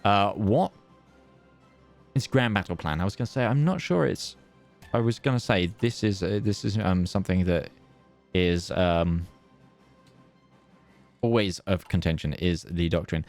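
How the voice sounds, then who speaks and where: Man, esports caster, excitable, lots of ums, faint music behind. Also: deep voice, a little slow, pauses often. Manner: chatty, excitable, many fillers and restarts. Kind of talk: live game commentary.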